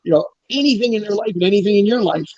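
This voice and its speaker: A middle-aged man tells his stories at a rapid clip, swearing freely and punching up quoted lines. His voice sits a bit high. The recording is dry and dull, like a lo-fi podcast. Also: no room sound. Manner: rambling storyteller, swears freely, acts out quotes loudly. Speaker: guest telling prison stories. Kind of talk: casual chat.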